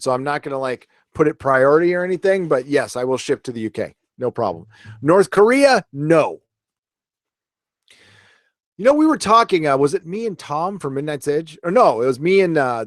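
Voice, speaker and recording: A man's voice: a little high, no echo, clean studio sound. Chatty man hosting a live stream. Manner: rambling, chatty, swears casually. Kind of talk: casual live stream chat, reading viewer comments.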